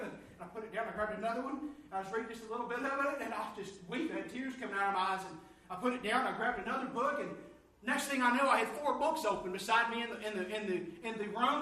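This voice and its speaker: A man preaching a sermon, telling stories with lively energy that climbs high and loud when excited. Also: distant mic. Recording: echoey room, from off mic.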